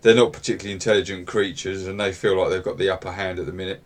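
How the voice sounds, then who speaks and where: A man with a lowish voice guides players through a tabletop game as game master. He talks in an easygoing, unhurried way, hedging with little fillers as he sets the scene. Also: fairly even intonation.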